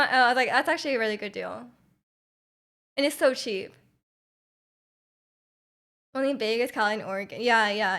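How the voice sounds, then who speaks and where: A woman's voice: fairly high pitch, fairly bright tone. Chatty Canadian woman streamer. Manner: chatty, many fillers and restarts, laughs often. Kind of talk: casual chat with viewers. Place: home room.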